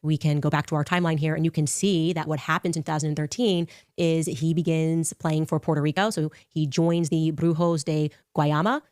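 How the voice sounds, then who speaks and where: Sarcastic woman podcaster, low voice. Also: fairly even intonation, fairly quick, hardly any pauses, darkish tone, no echo, studio quality. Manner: exasperated, sarcastic, talks through a timeline. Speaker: podcast host. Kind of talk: podcast commentary.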